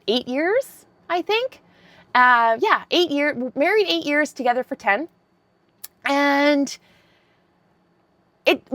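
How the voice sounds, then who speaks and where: A woman's voice: high voice, no echo. A woman in her fifties telling a story in a casual vlog, blunt and given to swearing. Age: 50s. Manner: blunt and swearing, animated retelling. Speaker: vlogger.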